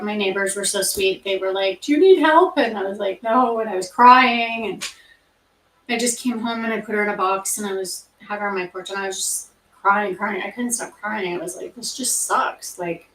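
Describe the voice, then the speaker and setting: A middle-aged woman from Canada, chatting casually and rambling softly with fillers between study sessions. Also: medium pitch, far from the mic, slight background noise. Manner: soft, rambling storytelling with many fillers. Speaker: nursing grad student, study-with-me host. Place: home room. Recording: roomy, from off the mic.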